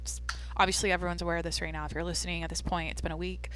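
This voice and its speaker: A young woman hosting her own podcast, chatting casually in a rambling, jokey way with lots of fillers and a deadpan streak. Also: on the low side, rapid-fire. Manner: self-described deadpan. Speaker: podcast host. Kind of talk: casual solo podcast chat.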